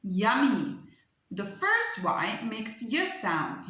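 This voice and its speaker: A woman teacher with a bright, rather high voice leads a phonics lesson for small children. She talks slowly and patiently, sounds words out letter by letter and keeps checking in with the class. The recording is very echoey, as if made in a bare room. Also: sing-song. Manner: checks in with frequent "okay?" and "yeah?". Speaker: primary school English teacher.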